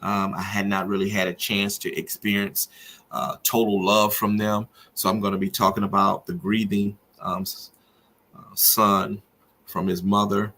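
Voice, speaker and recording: Low gravelly grieving man. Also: flat delivery, a little slow, bright, forceful tone, a little hiss or hum. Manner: earnest, preacherly, rising with feeling. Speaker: podcast host. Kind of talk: emotional personal monologue.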